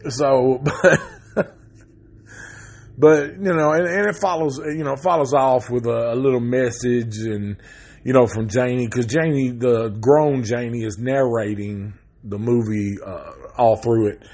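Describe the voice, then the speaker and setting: A husky-voiced man retells a horror movie plot in a loose, rambling monologue. He swears constantly and jumps from plot points to his own opinions and rants. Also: mid-range voice, a little slow. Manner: rambling and profane, swearing heavily, gets loud and animated in rants. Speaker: movie reviewer. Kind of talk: casual profane movie recap.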